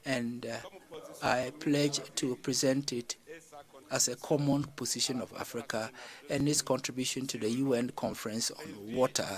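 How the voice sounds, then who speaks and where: A man delivering a formal policy address to a summit of leaders, measured and stopping often on fillers and restarts. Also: mid-range voice, fairly even intonation, rough recording. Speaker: summit chair addressing heads of state.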